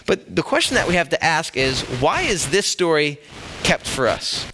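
A man's voice: on the high side, sing-song, normal speed, noisy background. A middle-aged man preaching a sermon in a conversational, joking way, talking straight to the congregation. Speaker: pastor.

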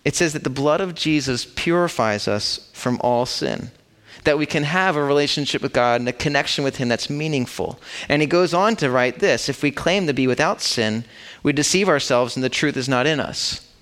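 A man's voice: fairly high pitch, moderate pace, a bit bright. A man preaching a sermon in a casual, conversational way, acting out the story as he tells it. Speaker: pastor.

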